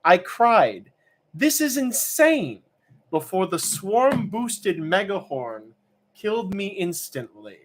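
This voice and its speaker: A man putting on the voice of a calm, professional young male tournament host, reading slowly and with measured drama. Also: high-pitched, slight background noise, voice pushed up, heavily acted. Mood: mock dramatic.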